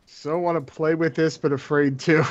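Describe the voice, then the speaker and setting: Guy player, slightly high voice, says what he does plainly, muffled audio. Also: fairly even intonation, moderate pace. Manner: short, matter-of-fact declarations of actions. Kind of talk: casual tabletop play. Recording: dull lo-fi sound.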